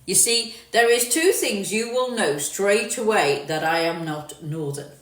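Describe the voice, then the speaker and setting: A livestream host, a middle-aged woman from London, England, reads out and answers viewer comments in casual chat, her mid-range voice expressive and measured in pace. She has a southern English accent partly mixed with northern. The phone picking her up is far away in an echoey room.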